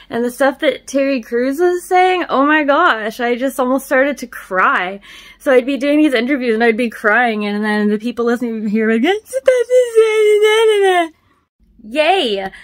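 A woman's voice: fairly high pitch, fairly bright tone. A woman vlogging at home, chatting to the camera as she moves between rooms, laughing often and poking fun at herself. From Canada. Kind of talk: casual vlog chat to camera.

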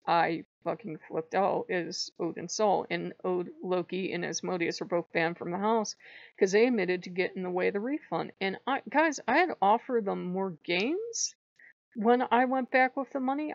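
An agitated woman rants close to the mic, her voice gravelly with fry. She is near tears, repeats herself and swears freely. The sound is dull and dry, with no room around it. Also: mid-range voice, moderate pace, no room sound. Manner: upset, venting, swears often, rambling with repeats. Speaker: channel host. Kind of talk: emotional personal vlog rant.

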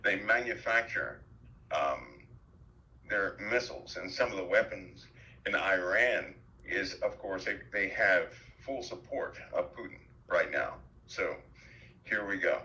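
A man speaking on a headset as a guest on a talk show, halting, with many fillers and restarts. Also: low-pitched, animated, bright, forceful tone, poor audio. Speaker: guest commentator. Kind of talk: call-in talk show chat.

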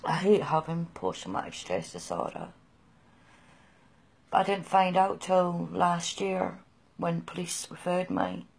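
A middle-aged British woman gives halting, raw, emotional personal testimony. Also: on the low side, lively intonation, creaky, breathy edge. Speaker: person sharing her experience.

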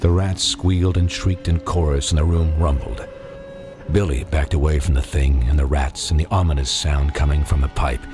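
A man narrating a dark audiobook in measured, dramatic storytelling. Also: rumbling low, steady tone. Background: music.

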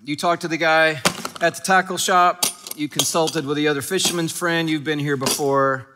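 A man's voice: on the high side, steady tone, normal speed, noisy background. A man preaching a sermon as a pastor, in a conversational, humorous storytelling way with frequent restarts.

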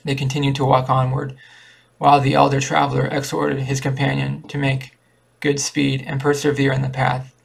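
A man narrating a classic short story aloud at a steady, unhurried pace. His voice carries a heavy vocal fry and barely moves in pitch, giving the reading a dry, level sound.

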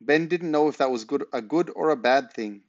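A man reading a children's book aloud in an unhurried, relaxed way. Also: medium pitch, no echo, highs cut off. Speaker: reader.

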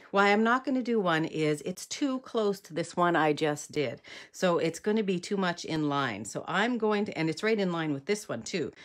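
A middle-aged Canadian woman with a lowish voice leads a live card-making demonstration. She's chatty, thinks aloud as she works, and often corrects herself.

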